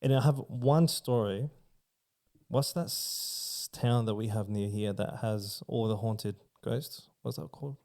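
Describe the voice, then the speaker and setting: A man's voice: medium pitch, unhurried, gravelly, darkish tone. A man chatting casually on a podcast, rambling through spooky stories with lots of swearing and filler words. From Australia. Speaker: podcast guest. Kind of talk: casual storytelling chat.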